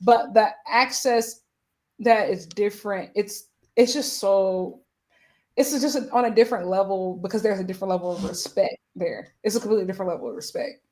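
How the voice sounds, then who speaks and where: A woman hosting a casual chat, talking emphatically and getting excited. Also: mid-range voice, fairly quick. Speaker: host.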